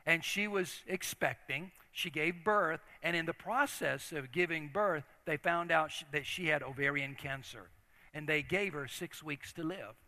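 A man's voice: fairly high pitch, vocal fry, bright, forceful tone. An older man preaching a sermon as a story, talking in an earnest, conversational way with frequent restarts. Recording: long reverb of a large hall.

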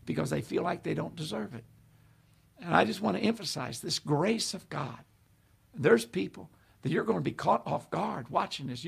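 A man preaches, telling a story and acting out the voices of the people in it. His voice sits high for a man and is heavily gravelly with a husky edge. The delivery is animated. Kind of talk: sermon storytelling.

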